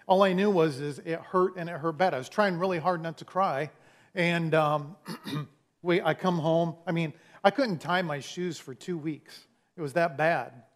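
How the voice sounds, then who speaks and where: A pastor delivering a sermon, telling a funny childhood story in a folksy, conversational way. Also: male voice, fairly high pitch, a little slow.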